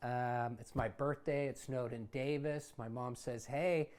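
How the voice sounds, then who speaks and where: A man who hosts a show, reading his own memoir aloud in a conversational, wry way that gets animated in heated passages. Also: mid-range voice, measured pace. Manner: conversational, wry, animated when retelling anger. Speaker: author and host.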